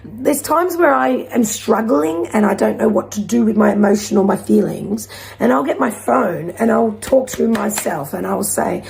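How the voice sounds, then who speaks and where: Gravelly-voiced woman giving a card reading. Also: on the high side, animated, normal speed. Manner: gentle, encouraging, rambling with sudden shouts. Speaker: intuitive card reader. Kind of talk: spiritual oracle card reading.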